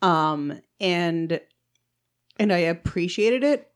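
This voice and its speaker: Woman, casual chat, very animated pitch, expressive, laughs a lot. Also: slow. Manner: expressive, laughing, swoops up when excited.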